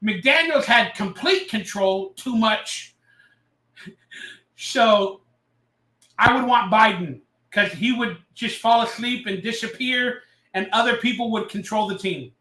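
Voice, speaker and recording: High, bright-voiced ranting male streamer. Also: slow pace, roomy sound, far from the mic. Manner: ranting, sarcastic, reads chat aloud. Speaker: live-stream host. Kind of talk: casual live-stream chat.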